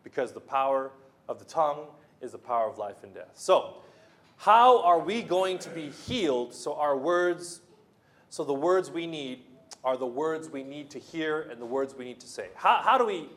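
A male pastor delivers a sermon in an easy, conversational manner. His voice sits a little high for a man, and he often restarts his phrases and drifts into playful asides to the congregation. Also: animated, moderate pace, a bit bright.

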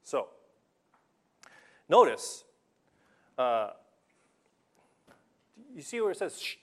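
A young man preaching with a slightly raised pitch, talking in a loose conversational way. He jumps between teaching points and his own coaching stories, acting out the voices of the people in them. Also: drawn-out words, long pauses. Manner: conversational, animated storytelling with acted-out quotes. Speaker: pastor and basketball coach. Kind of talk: sermon.

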